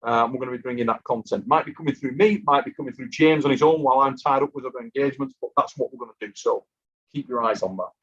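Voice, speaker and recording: Tired, husky-voiced man hosting live. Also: mid-range voice, quick pace, fairly bright tone. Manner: chatty, reads out super chats. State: exhausted from lack of sleep. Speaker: host of an armwrestling live stream. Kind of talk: casual live-stream chat. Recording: muffled lo-fi live stream audio.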